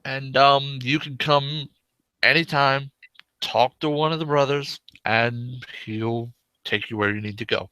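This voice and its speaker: A man's voice: medium pitch, steady tone, measured pace, pushed and bright, clean tone, no echo, pitched above the performer's own voice. A man voicing the courteous male leader of an underground brotherhood, speaking formally and unhurriedly.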